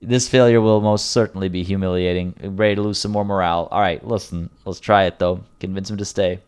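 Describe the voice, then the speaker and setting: A man's voice: sits low, fairly quick, few pauses, clear, resonant tone. A man streaming a game live, chatting animatedly, joking and thanking viewers. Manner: animated, jokey, reads game text aloud. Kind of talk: live let's-play commentary.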